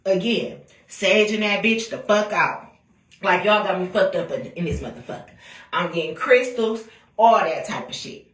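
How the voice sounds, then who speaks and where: A woman tells a story from her own life, blunt, profane and animated, acting out what people said along the way. Her voice sits a bit back from the mic in an echoey room. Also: mid-range voice, moderate pace, far from the mic. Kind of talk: casual storytime rant.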